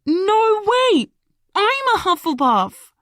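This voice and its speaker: A woman's voice: moderate pace, vocal fry, dry recording, studio quality. Woman doing bubbly eager young Lily. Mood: excited. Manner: high, gushing excitement.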